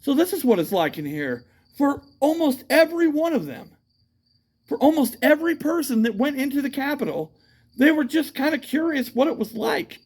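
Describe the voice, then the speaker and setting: A man's voice: very high voice, very animated, normal speed, darkish tone. A man talking in a casual, meandering monologue, swearing often and restarting his sentences with lots of fillers. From United States. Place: outdoors at night.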